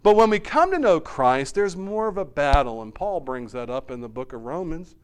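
A man's voice: on the high side, very animated, clear, resonant tone. Earnest man preaching a sermon. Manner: earnest, slows for emphasis. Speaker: pastor.

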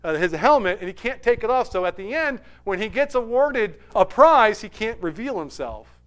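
High smooth-voiced guy telling a movie story like a sermon, gets loud then goes quiet. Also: moderate pace. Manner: animated retelling with sudden soft drops.

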